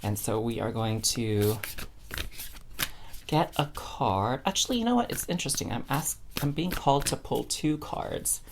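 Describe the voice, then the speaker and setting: A woman's voice: very deep voice, expressive, measured pace, slight background noise. A woman giving a casual, chatty spiritual card reading to camera, bubbly and addressing viewers as fam. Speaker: tarot card reader.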